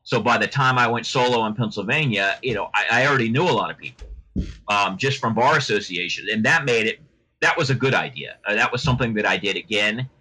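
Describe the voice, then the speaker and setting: A man's voice: lowish voice, animated, quick pace, pushed and bright, husky, rough recording. A middle-aged man, a lawyer, talking as a podcast guest in a rambling, chatty way with frequent restarts. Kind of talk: casual podcast interview.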